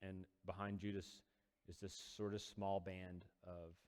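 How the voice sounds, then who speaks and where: Male teacher, lower register, casual storyteller, big echoing room. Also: level tone, a little slow, darkish tone. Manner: conversational, many fillers, acts out quoted lines. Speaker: teacher retelling a scripture story.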